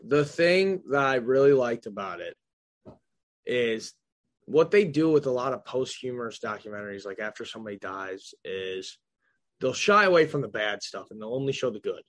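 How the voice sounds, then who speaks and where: A man's voice: mid-range voice, animated, normal speed, a bit bright. A young man hosts a laid-back football talk show, loose and jokey, dropping casual swear words as he goes. His voice sits in an ordinary middle range. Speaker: podcast host. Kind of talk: casual sports chat.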